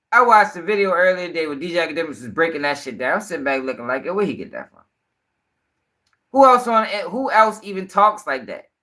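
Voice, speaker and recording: A young man hosting a casual livestream. His voice is bright and forceful, and his talk is rambling, profane and animated as he riffs on the news. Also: sits high. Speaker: commentary livestream host.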